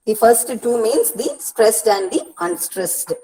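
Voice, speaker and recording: A woman's voice: on the high side, lively intonation, slow, darkish tone, low-quality recording. A woman with an Indian English accent, a university counsellor, giving an online lecture and explaining step by step with frequent "see" and "uh".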